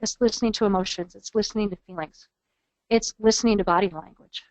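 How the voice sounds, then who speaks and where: A woman's voice: medium pitch, fairly even intonation, fast talker, a little mellow, no room sound, poor audio. A woman trainer giving a webinar lecture in an earnest, coaching manner, modeling phrases aloud.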